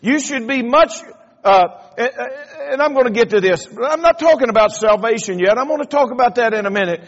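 Pastor guy preaching, highish voice, dull sound with a long church echo. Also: animated, normal speed. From Kentucky. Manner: folksy, storytelling, playful asides to the congregation. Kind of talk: sermon. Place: church sanctuary. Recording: dull lo-fi sound in a reverberant hall.

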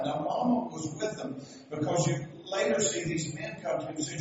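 A man preaching a sermon, telling stories and building to loud, emphatic passages. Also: on the high side, animated, moderate pace, noisy background. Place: church sanctuary. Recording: echoey hall, from far off, dull sound.

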